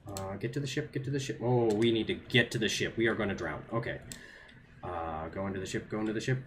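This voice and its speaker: Brisk and on the low side, this man's voice carries a little hiss or hum as he streams a game. He talks nervously to himself and his chat, repeating phrases as the pressure mounts.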